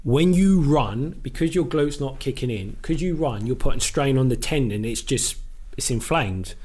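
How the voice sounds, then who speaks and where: A man's voice: mid-range voice, animated, normal speed, a little mellow, husky. A middle-aged man, a former footballer, casually telling a long story on a podcast, swearing freely and acting out what others said to him. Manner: swears freely, retells with quoted dialogue.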